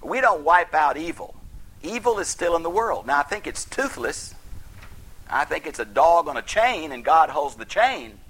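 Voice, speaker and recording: A man's voice: fairly high pitch, big pitch swings, moderate pace, a bit bright, breathy edge, rough recording. A man teaching the Bible in a folksy, emphatic sermon style that flares into heated outbursts.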